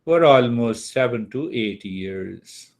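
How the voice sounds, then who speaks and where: Man, slow, deliberate, lecturing, video call. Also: medium pitch, lively intonation. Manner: slow, deliberate, checks in with students. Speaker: spiritual teacher. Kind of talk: online class lecture.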